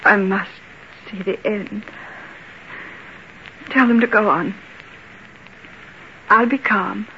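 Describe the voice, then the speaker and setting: A woman's voice: mid-range voice, steady tone, slow, long pauses, pushed and bright, slight background noise. An actress playing an anguished young woman in a radio play, pleading in an overwrought, tearful way. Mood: grave. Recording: muffled old radio recording.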